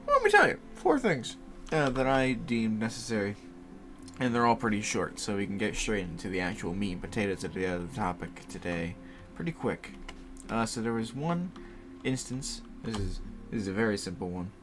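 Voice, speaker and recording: This twenty-something man has a fairly low voice and speaks at normal speed with music playing behind him. Hosting a loose solo podcast from his computer setup at home, he rambles, laughs a lot, and swears casually into a desk mic placed higher up and away from the computer.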